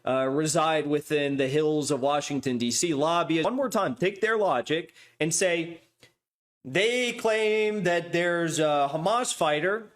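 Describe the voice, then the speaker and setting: A man's voice: on the high side, measured pace, fairly bright tone. A man hosting a podcast, talking in a loose, rambling way with many asides and restarts. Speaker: podcast host. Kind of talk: casual rambling monologue.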